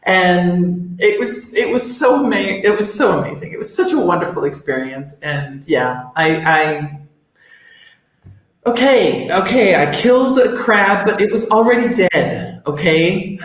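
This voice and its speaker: A woman's voice: fairly low pitch, lively intonation, measured pace. A woman co-hosting a casual chat, rambling with many restarts and fillers. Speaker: co-host. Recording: very echoey room.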